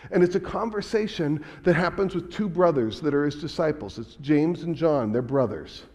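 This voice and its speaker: A man's voice: high voice, a little mellow, in a large hall. A man pastor preaching a sermon in a casual, conversational way, retelling scripture in everyday speech.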